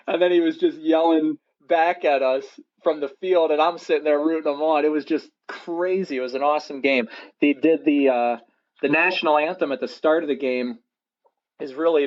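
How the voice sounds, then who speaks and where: A man recounts a personal story in an excited, rambling way, full of fillers. His voice sits at a middle pitch. The recording is dull and lo-fi. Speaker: listener telling a story.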